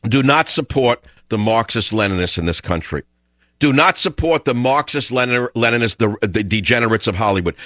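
An older man hosting a political talk radio show, ranting combatively and rising to shouts. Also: medium pitch, expressive, fairly quick, no echo. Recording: dull lo-fi broadcast sound.

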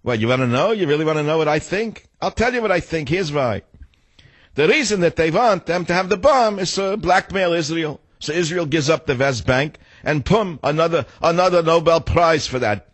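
A man's voice: a little high, animated, moderate pace, no room sound, voice pushed up. A man voicing an older man with a mock New York Yiddish accent, who asks himself questions and answers them insistently. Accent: old New York Yiddish.

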